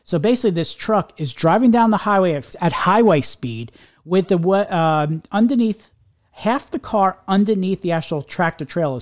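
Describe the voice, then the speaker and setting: Middle-aged man, podcast co-host, rambling rant, restarts, slightly raised pitch. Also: darkish tone. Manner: ranting, rambling with many restarts. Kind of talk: casual podcast chat.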